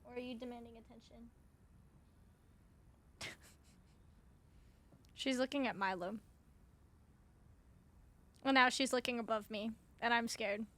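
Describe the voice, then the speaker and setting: Young woman streamer, unhurried, casual chat and soft baby talk to her pet. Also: fairly high pitch, fairly even intonation.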